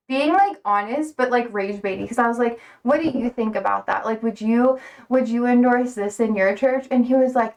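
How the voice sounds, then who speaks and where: A woman's voice: a little high, recorded from a distance. A young woman livestreaming, chatting casually with viewers, rambling with lots of fillers and frequent laughter.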